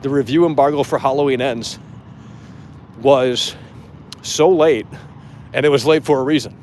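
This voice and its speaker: A man's voice: medium pitch, normal speed, a little mellow, a little hiss or hum. A man hosting a live gaming show outdoors, talking bluntly and profanely in a casual rant.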